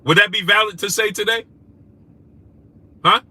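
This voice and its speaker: Bright-voiced combative livestream host. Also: male voice, high voice, moderate pace, husky, dry recording. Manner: combative, rising to loud indignant questions; greets chat viewers by name. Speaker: live stream host. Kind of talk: livestream chat reading comments.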